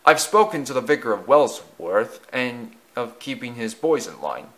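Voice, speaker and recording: Ein Mann spielt einen strengen, beleibten Eisenbahndirektor in einer Geschichte, bestimmt und lauter. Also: male voice, mid-range voice, very animated, normal speed, a bit bright. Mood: stern. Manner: firm, authoritative. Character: stern, stout male railway director.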